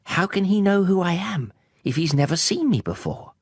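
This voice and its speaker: A man voicing a small, gentle boy prince who asks soft, timid questions. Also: high-pitched, very animated, normal speed, husky, dry recording, clean studio sound, pitched above the performer's own voice, heavily acted.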